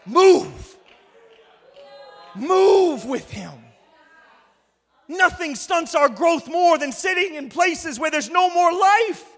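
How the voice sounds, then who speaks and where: A male preacher delivering a sermon emphatically, often raising his voice to a shout. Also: very high-pitched, expressive, takes it slowly, pauses often. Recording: reverberant hall.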